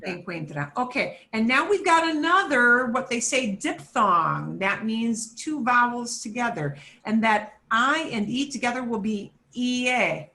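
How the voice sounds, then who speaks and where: A woman teaching a beginner Spanish class, slowly sounding out each word for her students to repeat. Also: on the high side, sing-song, bright, forceful tone. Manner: slow, drawn-out modeling of words for students to repeat. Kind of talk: beginner language lesson.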